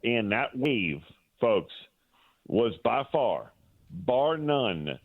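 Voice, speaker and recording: A man's voice: medium pitch, very animated, extremely slow, no echo. A man calling in as a sports broadcaster guest, telling an emotional story in a rambling way with many restarts. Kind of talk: casual radio interview. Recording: dry tinny phone line.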